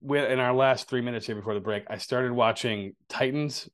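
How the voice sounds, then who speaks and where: A man co-hosting a podcast in casual chat, telling stories in a loose, profane, animated way. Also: mid-range voice, normal speed. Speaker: podcast co-host.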